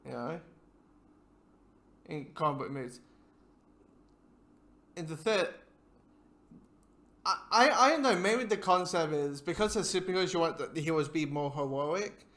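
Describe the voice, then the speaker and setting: A man's voice: fairly high pitch, expressive, unhurried, pauses often, a bit bright. A man hosting a casual movie watchalong, rambling and stumbling over his words as he restarts sentences. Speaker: movie commentary host.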